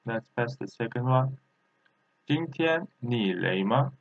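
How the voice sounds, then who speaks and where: A man, a native Turkish speaker, giving a language lesson in English, halting and repeating words slowly with many fillers. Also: mid-range voice, lively intonation, gravelly. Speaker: language teacher. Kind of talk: slow spoken language lesson. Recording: tinny phone-like audio.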